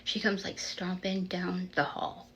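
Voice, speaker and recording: A woman's voice: on the low side, completely flat delivery, a little slow, fairly bright tone, a little hiss or hum, low-quality recording. A young woman telling a personal story in a casual, chatty way, full of "like" fillers, sometimes dropping to a whisper for suspense.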